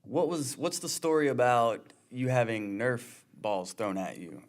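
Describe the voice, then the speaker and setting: A man's voice: mid-range voice, expressive, a little slow. A man hosting a comedy interview, asking short questions and giving brief replies. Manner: short prompts and backchannel replies. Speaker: podcast host. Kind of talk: casual interview.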